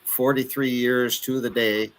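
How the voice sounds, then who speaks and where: A man's voice: mid-range voice, level tone, a little slow, poor audio. Easygoing retired man with a Wisconsin accent. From southern Wisconsin. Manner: easygoing, plainspoken. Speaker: caller. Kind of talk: casual chat.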